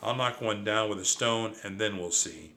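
A man voicing a brash, cocky male mouse cousin who boasts and shouts in an audiobook. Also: on the low side, moderate pace, slight background noise. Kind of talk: audiobook character voice.

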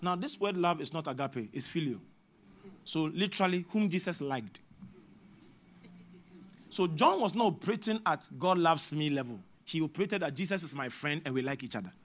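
A man with a Ghanaian English accent and a voice on the high side preaches a sermon as a prophet. He moves back and forth between hushed asides and shouted exhortation.

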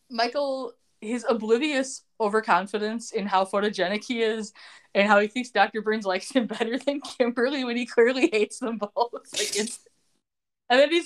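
A woman co-hosting a podcast, casually recapping TV scenes and laughing often. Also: a little high. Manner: acts out quoted lines, laughs often. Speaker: podcast co-host recapping a TV show. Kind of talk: casual chat, retelling scenes.

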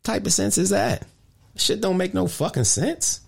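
A man hosting a podcast, ranting indignantly in casual, profane street slang, often jumping high with emphasis. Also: lively intonation, unhurried, vocal fry, husky. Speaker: podcast host.

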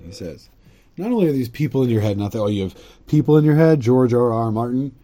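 Dark-voiced rambling man teaching. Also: medium pitch, expressive, quick pace. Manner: rambling, joking asides, frequent "right?"; reads Hebrew text aloud and translates. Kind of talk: casual Torah lesson podcast.

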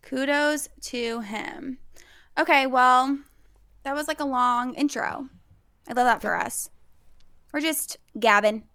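A woman's voice: high voice, unhurried, pauses often, sharp tone, smooth, dry recording, clean studio sound. A woman co-hosting a podcast in casual chat, upbeat and full of trendy slang. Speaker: podcast co-host.

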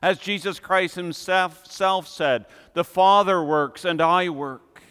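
A man preaching an expository sermon with measured, emphatic repetition. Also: sits high, fairly bright tone, smooth. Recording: long hall reverb.

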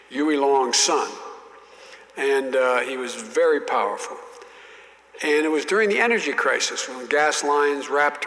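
A man's voice: medium pitch, fairly bright tone, in a large hall, poor audio. An older man, a former politician, telling folksy, self-deprecating anecdotes as an interview guest.

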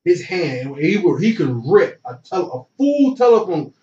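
This man's voice sits high and he takes his time as he recounts a story, full of slang and lively impressions of what others said. He played college football once. The audio comes across distant, dull and roomy.

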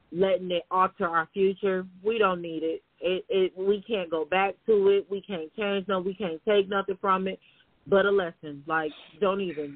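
A woman's voice: fairly low pitch, dry recording. Woman podcast host chatting loose with her listeners, slangy, tinny dry sound like a phone. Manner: talks straight to listeners with slang and pet names. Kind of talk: casual podcast chat.

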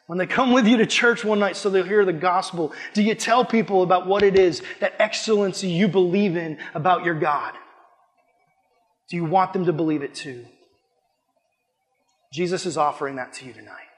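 A man's voice: sits high, long reverb tail. A young man preaching a sermon, impassioned and conversational, acting out little quoted asides as he goes. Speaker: youth pastor.

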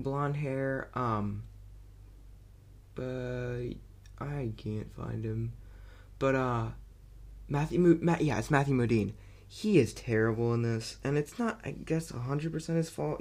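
Man, mid-pitched, casual spoken movie review; rambly, excitable, filler-heavy delivery. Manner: excitable and amused.

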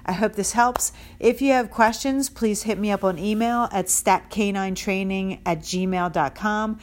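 A woman's voice: medium pitch, measured pace. A woman dog trainer giving casual, direct advice, talking it through with frequent ums and you-knows. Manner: direct and instructive, with many fillers.

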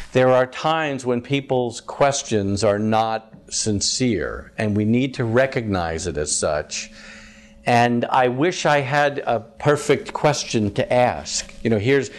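Man, mid-pitched voice, campus minister, conversational teaching, quizzes the audience, frequent ums. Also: lively intonation, unhurried. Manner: chatty, asks the audience questions, frequent ums.

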